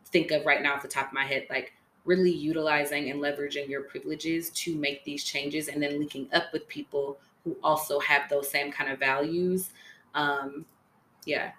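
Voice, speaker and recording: A woman with a low-pitched voice hosts a podcast in an easygoing, earnest way. She leans on fillers like "um" and "like" while she thinks aloud. The room gives her an echo, with a faint hum behind. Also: steady tone, moderate pace, fairly bright tone. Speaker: podcast host. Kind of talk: casual podcast chat.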